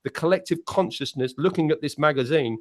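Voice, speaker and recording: A musician from the United Kingdom with an English accent, appearing as a panel guest, tells long rambling stories in a casual chat and keeps restarting his sentences. His voice is on the high side and a little fast.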